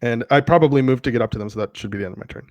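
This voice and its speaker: A man's voice: medium pitch, racing, darkish tone, dry recording. A man playing a tabletop game, hesitant with fillers while stating his rolls. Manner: hesitant, many fillers when reading rolls. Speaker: player. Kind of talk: casual tabletop play.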